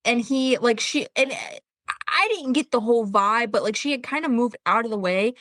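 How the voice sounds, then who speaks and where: A woman co-hosting a podcast, telling stories in a casual chat, animated and laughing often. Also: a little high, normal speed, no echo. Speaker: podcast co-host.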